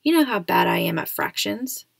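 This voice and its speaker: A gentle, reassuring mother in a storybook reading, voiced by a woman with a gravelly texture. The sound is dry and close to the microphone. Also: lowish voice, animated, normal speed, no room sound, full character voice. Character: caring, practical mother.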